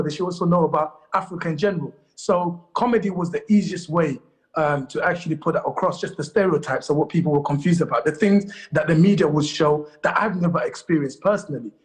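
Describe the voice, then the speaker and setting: A man from Congo, a comedian and guest in a studio interview, telling anecdotes in a lively way. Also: on the high side.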